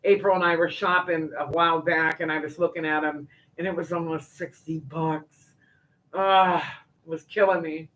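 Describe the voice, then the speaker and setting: A woman's voice: deep voice, steady tone, normal speed, a bit bright, low-quality recording. An older woman, chatting casually as the host of a livestream, folksy and full of fillers and asides. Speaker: livestream host reading viewer comments. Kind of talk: casual chat.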